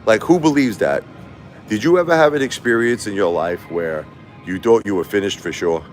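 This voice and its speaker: Middle-aged new guy rambling on a livestream, low voice, faint music behind. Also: normal speed. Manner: rambling, repeats himself, laughs often. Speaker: live-stream host. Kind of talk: casual live-stream storytelling.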